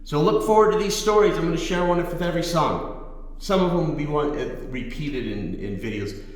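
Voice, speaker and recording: A man's voice: a little high, brisk. A middle-aged man, a musician hosting his own channel, tells a rambling gig anecdote in casual chat, restarting phrases and acting out the voices in his quotes. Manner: rambling, self-correcting anecdote with acted quotes. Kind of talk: casual storytelling to camera. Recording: very echoey room with long reverb.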